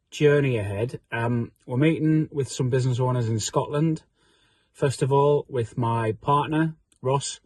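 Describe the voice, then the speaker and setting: A man's voice: mid-range voice, mellow, no echo. Chatty man vlogging from his car. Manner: chatty, upbeat, loose with fillers. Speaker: entrepreneur vlogging his business trip. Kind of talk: casual vlog talk to camera. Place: in his car and outdoors on a windy coast. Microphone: camera mic without his clip-on microphone.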